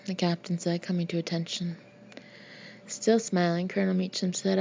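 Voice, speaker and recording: A woman narrating an audiobook in an even, measured reading. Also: on the low side, vocal fry. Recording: dull lo-fi recording.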